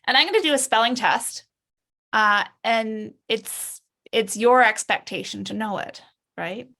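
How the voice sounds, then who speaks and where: Bright, gravelly-voiced woman hosting an interview. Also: on the high side, a little slow. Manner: thinks aloud with restarts and fillers, uses analogies. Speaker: interview host. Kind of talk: conversational interview.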